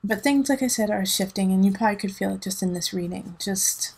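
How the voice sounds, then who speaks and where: Gravelly, husky woman chatting a tarot reading. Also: mid-range voice, fairly quick, a little mellow. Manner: chatty, rambling, laughs often. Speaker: tarot reader; dance teacher and mother. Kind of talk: casual tarot reading chat.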